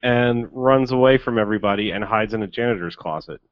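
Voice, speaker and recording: A man's voice: on the low side, a little fast, no room sound, muffled recording. A man co-hosting a casual movie review chat, wry and bemused, often laughing. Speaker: podcast co-host.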